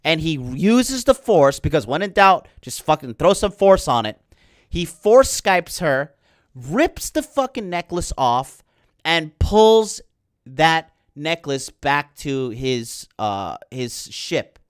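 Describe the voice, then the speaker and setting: A man's voice: on the high side, sing-song, takes it slowly, no room sound, clean studio sound. A man hosting a podcast, ranting about a film in a heated, sarcastic way full of swearing. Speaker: podcast host.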